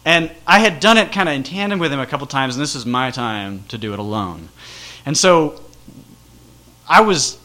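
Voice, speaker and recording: A man casually telling a rambling, self-deprecating personal story with animated energy. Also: mid-range voice, normal speed.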